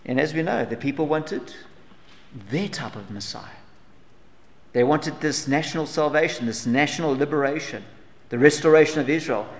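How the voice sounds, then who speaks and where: A man preaching a sermon earnestly, asking rhetorical questions and dropping to soft asides. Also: fairly high pitch, moderate pace, long reverb tail. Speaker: pastor.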